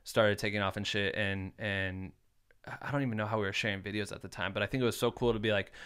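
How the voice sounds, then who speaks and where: Speaking fast with a clear, resonant, fairly bright voice on the low side, this Iowa man in his thirties keeps his intonation fairly even. As a podcast guest, he swears freely and spins rambling stories stuffed with "like" in a casual chat.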